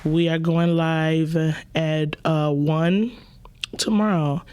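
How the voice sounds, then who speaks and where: A woman's voice: sits low, takes it slowly, smooth. A woman, hosting a podcast and telling stories in a loose, profane, playful way. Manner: animated storytelling, profane, playful. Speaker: podcast host. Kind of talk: casual chat.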